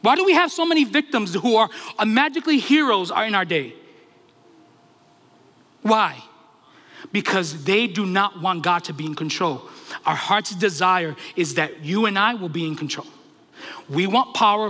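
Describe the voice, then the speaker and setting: High, bright-voiced preaching man. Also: in a large hall. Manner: impassioned, asks rapid rhetorical questions. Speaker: pastor. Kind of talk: sermon.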